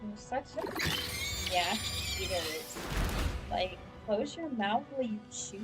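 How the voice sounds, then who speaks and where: A woman's voice: mid-range voice, expressive, takes it slowly, loud music behind the voice, poor audio. Chatty woman commenting on a game. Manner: chatty, rambling, laughs easily. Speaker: let's play host. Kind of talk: casual gaming commentary. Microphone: voice-over over game footage.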